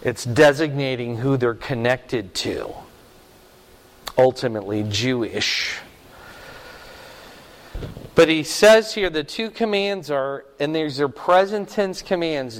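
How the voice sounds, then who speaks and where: A man preaching a sermon in an earnest, emphatic way, slowing down to stress key words. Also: mid-range voice, animated. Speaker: pastor. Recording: reverberant hall.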